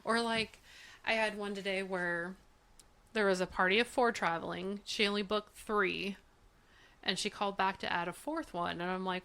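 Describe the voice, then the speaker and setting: A woman's voice: medium pitch, moderate pace, clear, resonant tone. A woman co-hosting a podcast, chatting casually and laughing easily while explaining hotel and car bookings. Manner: relaxed, laughs often, explains from her booking job. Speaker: podcast co-host. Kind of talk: casual chat.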